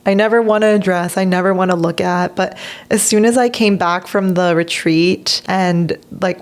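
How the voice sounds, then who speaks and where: A young woman hosting a podcast, speaking openly and earnestly about personal growth, laughing often and tearful at times. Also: fairly low pitch. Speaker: podcast host. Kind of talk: personal reflective monologue.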